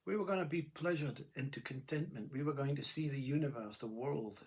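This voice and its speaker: A man's voice: on the high side, moderate pace, darkish tone. A man giving a rambling philosophical monologue, with blunt earthy words, who keeps saying "you see" and "you know". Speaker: spiritual speaker.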